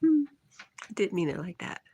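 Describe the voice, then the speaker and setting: A woman's voice: on the low side, big pitch swings, measured pace, dark tone, husky, dry recording, dull audio. A middle-aged woman hosting a casual livestream from her porch, reading chat comments aloud, teasing and laughing often.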